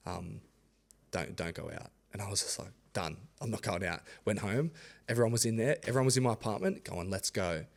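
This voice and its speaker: A man's voice: on the low side, a little fast, creaky. A young Australian man in his twenties, a podcast guest, telling stories casually and acting out what others said, with frequent laughter. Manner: animated, acts out quoted voices, laughs often. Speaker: podcast guest, rugby league player. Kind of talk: casual storytelling.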